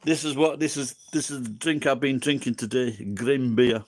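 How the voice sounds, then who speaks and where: A man's voice: medium pitch, moderate pace. An English man with an English accent, tipsy and rambling, swearing constantly as he chats with viewers on a livestream. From England. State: tipsy from drinking. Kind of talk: rambling casual chat.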